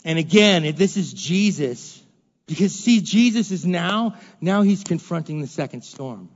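Male pastor, high voice, unhurried sermon delivery, emphatic repetition, dull recording with long hall reverb. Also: animated. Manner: emphatic, repeats phrases, swings from loud to hushed.

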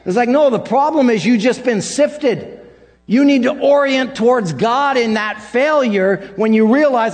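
A male pastor preaching a sermon, animated and acting out quoted dialogue. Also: very high-pitched, measured pace. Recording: long hall reverb with mains hum.

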